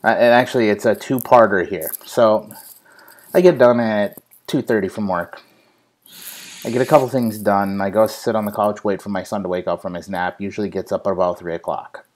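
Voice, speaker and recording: A man's voice: fairly low pitch, fairly even intonation, moderate pace. A young man hosting a casual live show, telling a funny family story with plenty of swearing and laughter. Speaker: host.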